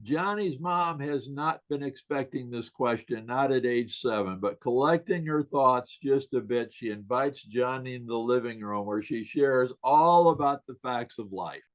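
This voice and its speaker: A man's voice: medium pitch, a little slow, hardly any pauses, poor audio. A man telling stories with a chuckle. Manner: warm anecdotal delivery, laughs at his own stories. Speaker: guest author on questions. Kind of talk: casual interview storytelling.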